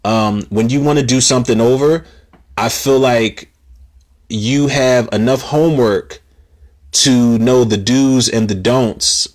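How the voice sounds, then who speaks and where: A man talking alone on his own show in a loose, rambling way. He stammers and restarts often and swears freely. His voice sits at an ordinary middle pitch. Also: takes it slowly. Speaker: podcast host. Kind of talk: casual solo commentary.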